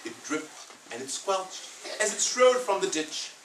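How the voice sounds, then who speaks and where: A woman's voice: medium pitch, sing-song, measured pace. A woman reading a picture book aloud to children in a playful, inviting way. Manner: playful, inviting listeners to join in. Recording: echoey room, far from the mic, noisy.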